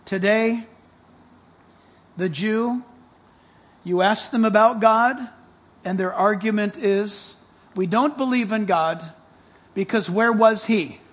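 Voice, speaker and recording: A man preaching a sermon, reading scripture and growing excited and emphatic. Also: high-pitched, slow pace, pauses often. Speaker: pastor.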